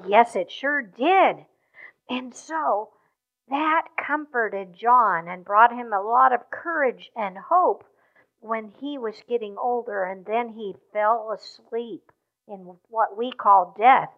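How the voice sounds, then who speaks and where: High-voiced woman telling a story to kids at church, gentle, lots of questions, muffled sound. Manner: gentle, asks the children questions. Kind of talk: children's story in a church service.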